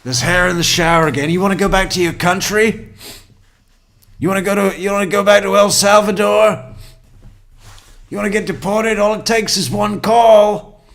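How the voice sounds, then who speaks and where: A man putting on the voice of a bullying middle-aged man who rants loudly at his partner in a high, mocking tone. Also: steady tone, moderate pace, gravelly, long pauses. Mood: ranting. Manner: loud, high-pitched, mocking rant.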